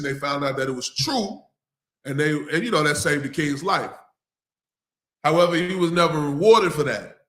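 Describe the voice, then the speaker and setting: Bright-voiced man reading scripture. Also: fairly high pitch. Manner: reads slowly and deliberately, then retells casually. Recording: live stream talk.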